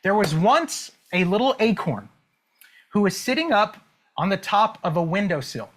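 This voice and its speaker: A man's voice: high voice, sing-song, moderate pace, a bit bright. A man coaching an online audience, telling a motivational story. He checks in often with "okay?" and "right?" and draws out key words for emphasis.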